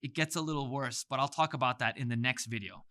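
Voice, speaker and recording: Bright, lively man teaching letters. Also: medium pitch, quick pace. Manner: animated, playful, exaggerated sounds. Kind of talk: energetic mnemonic lesson.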